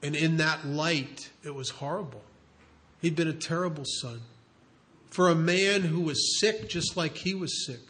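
A middle-aged man earnestly telling a story about guiding someone through recovery, halting and restarting as he talks. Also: a little high, fairly bright tone. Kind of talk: storytelling talk.

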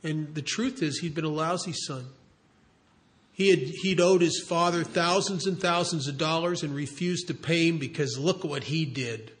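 A middle-aged man earnestly telling a story about guiding someone through recovery, halting and restarting as he talks. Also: a little high. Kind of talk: storytelling talk.

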